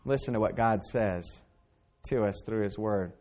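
A man's voice: on the low side, measured pace. Earnest preacher man. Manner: earnest, emphatic preaching with repeated phrases and swings between loud and soft. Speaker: pastor. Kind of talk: sermon.

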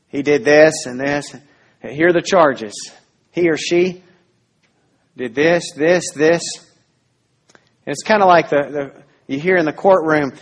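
A man preaching a sermon as pastor, earnest, dropping to a hush and then rising loud again. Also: on the high side. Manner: earnest preaching, swinging between hushed and loud.

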